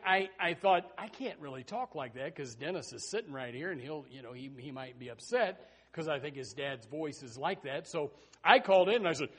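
A middle-aged male preacher delivers a sermon, wandering into a long personal story. He talks in a rambling way, full of restarts and asides, in a voice that sits a little high for a man. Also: sharp tone.

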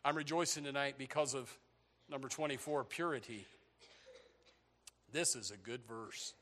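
An older man preaching a sermon, animated and joking, with bursts of shouting. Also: mid-range voice, moderate pace. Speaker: pastor.

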